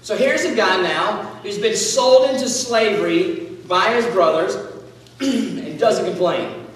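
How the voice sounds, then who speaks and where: Joking preacher in an echoey hall. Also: male voice, high voice, slow, distant mic. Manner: joking, slangy storytelling with quoted voices. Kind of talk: casual youth sermon.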